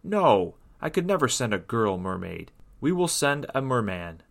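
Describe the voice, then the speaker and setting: A man voicing a proud, stern king of the merfolk in a storybook reading, speaking firm and loud. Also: medium pitch, big pitch swings, unhurried, vocal fry, exaggerated voice.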